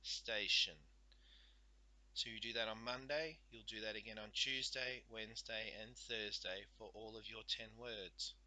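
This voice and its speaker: Bright, dry-voiced teacher sounding out words. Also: male voice, on the low side, steady tone, dry recording, poor audio. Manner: slow, careful, sounds out letters and syllables. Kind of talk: recorded spelling lesson.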